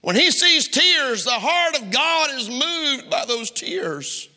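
A male pastor with a high, bright voice preaches a sermon slowly, his pitch swinging widely. He passionately fires rhetorical questions at the congregation in a church sanctuary, where the recording carries long hall reverb.

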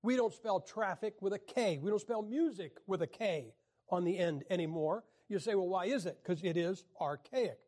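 High-voiced joking Bible class teacher, man. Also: normal speed, darkish tone. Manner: wry, clears throat often.

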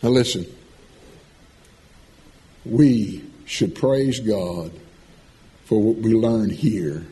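Male preacher, sermon, very lively pitch, folksy, loud-to-soft swings. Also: drawn-out words, pauses often. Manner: animated, swings from loud calls to soft asides, folksy humor.

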